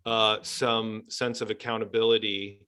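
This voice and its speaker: A man who works as a couples therapist, explaining his approach in a podcast interview in a measured way, with fillers and restarts. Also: fairly low pitch, little pitch movement, sharp tone, clear, resonant tone.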